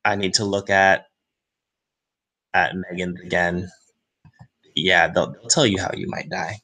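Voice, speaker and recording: A man's voice: low-pitched, fairly even intonation, measured pace, pushed and bright. A young adult man in a casual, playful solo chat, reading astrology charts and talking to his cat. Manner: playful, chatty, talks to his cat between tasks.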